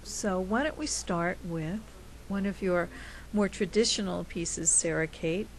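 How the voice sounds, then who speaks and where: A woman hosting a radio arts program, reading a scripted introduction and asking interview questions in a clear, measured way. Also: lowish voice, slight background noise.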